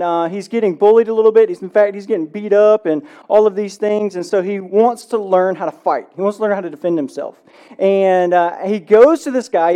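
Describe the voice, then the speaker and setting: A pastor preaching a sermon in a church. He tells stories with lively acted-out dialogue and drops to a hushed, slow voice in prayer. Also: high-pitched. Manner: animated storytelling, acts out movie dialogue. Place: church sanctuary.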